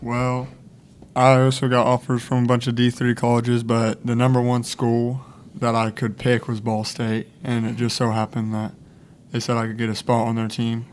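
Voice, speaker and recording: A man's voice: medium pitch, completely flat delivery, normal speed, a little hiss or hum. A young man, a student athlete, answering interview questions briefly and matter-of-factly. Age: young adult. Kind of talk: casual interview chat.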